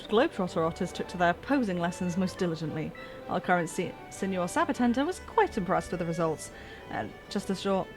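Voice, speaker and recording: A woman's voice: fairly low pitch, close to an everyday voice. Woman reading formal male attendant, courteous, old-fashioned wording, faint music. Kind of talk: reading game dialogue aloud.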